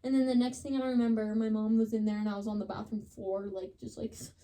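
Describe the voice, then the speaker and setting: A woman's voice: fairly high pitch, level tone, fast, dark tone. A young woman on a podcast, chatting casually and dramatically retelling a story, with lots of "like.". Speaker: podcast co-host.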